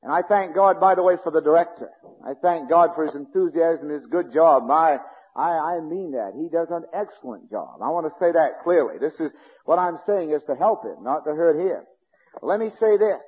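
Male pastor, high-pitched and husky, preaching hard in a church, dull lo-fi tape with long hall reverb. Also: lively intonation, normal speed. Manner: swings between shouting and low intense speech. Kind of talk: fiery sermon. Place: church sanctuary.

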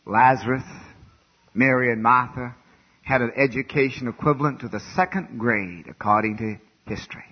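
Male revival preacher, husky voice, mid pitch, fervent hushed-to-loud delivery, lo-fi tape. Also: moderate pace. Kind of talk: revival sermon. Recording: dull lo-fi recording.

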